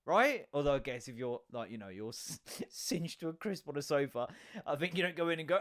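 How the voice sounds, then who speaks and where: A young man hosting his own podcast, rambling and joking with lots of swearing and sudden loud bursts. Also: a little high, very animated, normal speed. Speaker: podcast host. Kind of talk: casual solo podcast rant.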